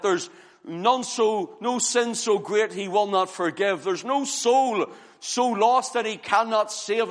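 A man preaches a revival sermon in a high, ringing voice. His delivery is fervent and rhythmic, swelling into loud cries and sinking into hushed near-whispers. The sound carries a long reverb, as from a church hall.

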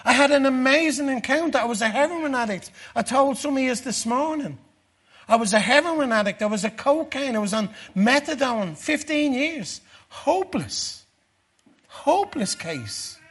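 An Irish man giving a personal testimony sermon to a church gathering, earnest, dropping low and slow for the dark parts. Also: expressive, husky. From Ireland.

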